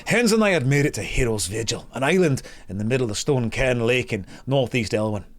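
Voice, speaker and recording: A man voicing a wounded, blunt male warrior with a gruff Scottish accent. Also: medium pitch, lively intonation, fairly quick, lightly acted. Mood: earnest. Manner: gruff, storytelling brogue.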